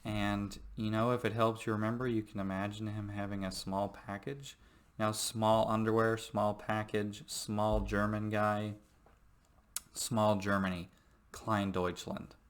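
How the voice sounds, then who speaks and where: A man's voice: on the low side, little pitch movement, unhurried, clean tone. A man who teaches history, giving a recorded lecture in a joking, rambling way with many fillers.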